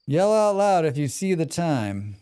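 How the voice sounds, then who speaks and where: An American man talks through a live game stream in a loose, rambling way, turning to his chat between reading on-screen tips aloud. His voice sits a little high for a man and comes through smooth and clear. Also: big pitch swings, a little slow, warm tone. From United States. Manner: chatty, rambling asides to chat, reads tutorial text aloud. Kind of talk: casual live gameplay commentary.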